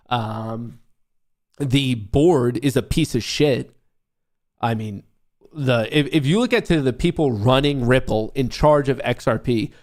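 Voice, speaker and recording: A man's voice: mid-range voice, a little mellow. A young man hosting a livestream, ranting in a profane, mocking and combative way. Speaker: livestream host. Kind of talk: casual livestream rant.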